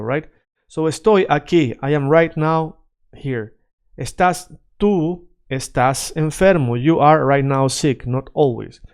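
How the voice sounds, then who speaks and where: Male tutor, resonant even mid-pitch voice, keeps checking the learner follows. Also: clean tone. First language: Spanish. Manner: checks in often with "right?" and "okay?"; switches between Spanish examples and English glosses. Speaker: Spanish teacher. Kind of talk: casual explainer lesson.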